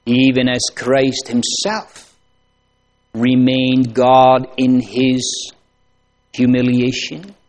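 Slow, solemn male preacher. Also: medium pitch, darkish tone. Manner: slow, solemn preaching with rising emphatic pleas. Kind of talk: sermon.

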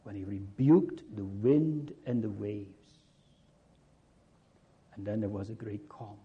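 Man, preacher, sermon, very husky voice, slow deliberate delivery, repeats phrases, dull lo-fi recording. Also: fairly low pitch, dark tone.

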